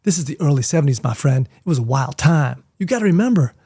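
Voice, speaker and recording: A man in his sixties with a fairly high voice spins casual vlog stories. His delivery is punchy and animated, and it swells loud and emphatic when he gets going. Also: quick pace, gravelly, husky. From Miami, Florida, US. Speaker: vlog host and martial arts teacher.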